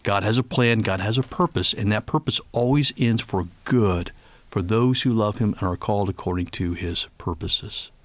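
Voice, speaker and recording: Middle-aged man, low voice, earnest radio guest, dry studio sound. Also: no echo. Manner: earnest, slow and tender when praying aloud. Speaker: ministry leader and guest. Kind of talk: faith radio interview.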